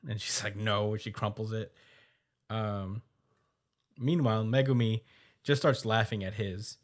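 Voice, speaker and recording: Guy on a podcast going over a manga chapter, lowish voice, lots of ums and little laughs. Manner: loose, filler-heavy retelling with quick quoted asides and laughs. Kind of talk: casual podcast chat.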